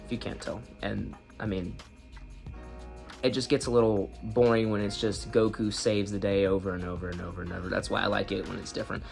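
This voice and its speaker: A man giving a casual, rambling anime episode review in slangy talk, often breaking into high-pitched laughs. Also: gravelly.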